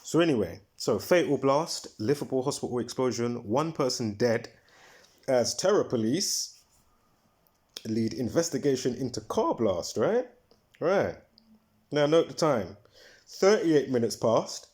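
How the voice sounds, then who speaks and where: In an unhurried, lively-intoned mid-range voice with a darkish tone, a man hosts his video through a rambling, casual monologue. It's heavy on fillers and repetition, with frequent restarts and swearing when heated.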